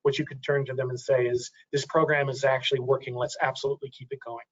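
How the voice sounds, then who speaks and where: A man's voice: mid-range voice, little pitch movement, fast talker, lo-fi sound. A man giving a webinar presentation, talking through graphs, thinking aloud with many restarts and fillers.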